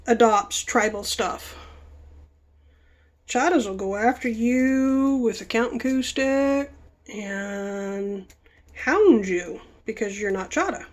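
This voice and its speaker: A woman vlogger rambles through casual stories, chatty and self-interrupting. Her voice sits slightly high for a woman. She talks while busy with a task at hand. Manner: working with her hands while talking.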